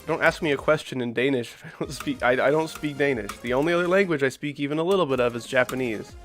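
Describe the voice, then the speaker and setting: A man in his thirties streams requested game levels from home, talking quickly in a medium, fairly bright voice over soft music. He rambles loosely with lots of "like" fillers and answers chat between plays and mid-play.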